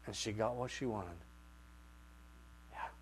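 A man preaching a sermon, swinging from quiet asides to loud outbursts and acting out the voices he quotes. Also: on the low side, slow, a little hiss or hum.

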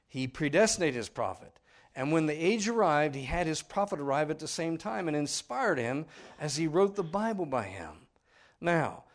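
In a slightly high voice, a man preaches with emphasis, peppering his listeners with questions and alternating loud proclamations with hushed asides.

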